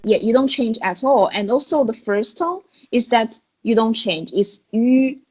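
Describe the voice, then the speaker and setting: A woman's voice: fairly high pitch, moderate pace, a little mellow, husky, rough recording. A woman teaching Chinese tones online, patiently demonstrating and explaining how each tone moves. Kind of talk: online tone lesson. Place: recorded video call.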